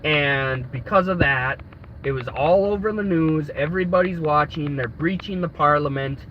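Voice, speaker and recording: A man's voice: on the high side, moderate pace. A man with a stuffy nose from a cold, telling a travel story in a casual, rambling live stream full of restarts. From United States. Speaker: travel vlogger. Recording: dull lo-fi audio with faint background noise.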